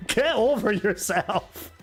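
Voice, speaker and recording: A man's voice: high-pitched, animated, drawn-out words, faint music behind. A young man streaming a game, chatting casually and answering chat with sarcasm and swearing. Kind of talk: casual live-stream chat while gaming.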